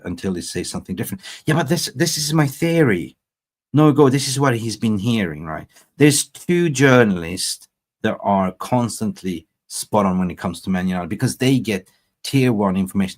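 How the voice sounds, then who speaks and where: A man hosting a football fan channel livestream, chatting casually, rambling with animated swings and laughing at his own jokes. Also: lowish voice.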